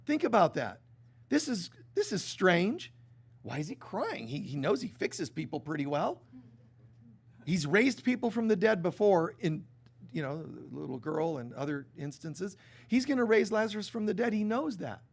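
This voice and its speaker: A man giving a sermon to a live congregation, talking casually and animatedly, acting out little quoted exchanges. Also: high voice. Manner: conversational and animated, with many restarts and acted-out quotes. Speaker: spiritual teacher. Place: stage before a live congregation.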